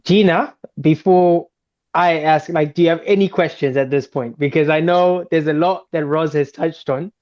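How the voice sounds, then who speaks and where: Animated man host on a dull recording. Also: fairly high pitch, moderate pace. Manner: animated, enthusiastic, laughing. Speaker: podcast host. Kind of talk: casual interview chat.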